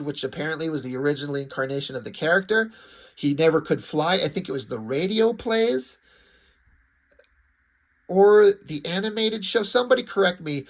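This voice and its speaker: Guy rambling about a comic, gravelly voice, a bit high, says like a lot. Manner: rambling, uses lots of "like" and "you know". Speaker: comic book reviewer. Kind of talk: casual spoken review.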